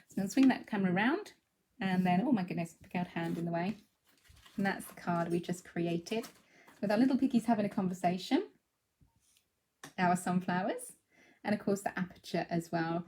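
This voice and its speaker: A woman's voice: lowish voice, vocal fry, warm tone, slight background noise. A young woman giving a live craft demonstration, chatty and explaining as she works. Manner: chatty, breaks off to coo at her cat.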